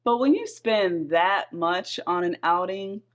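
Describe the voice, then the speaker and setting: A woman's voice: fairly low pitch, animated, takes it slowly. A woman co-hosting a podcast, chatting casually with frequent laughter and blunt, salty remarks, and reading forum posts aloud. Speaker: podcast co-host.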